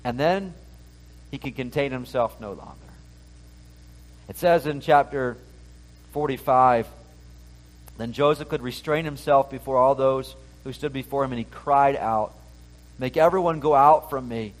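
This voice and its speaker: A man preaching a sermon, reading scripture and retelling it in a conversational way, swinging from loud emphasis to hushed asides. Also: medium pitch, a little slow, long pauses, low-quality recording. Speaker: pastor.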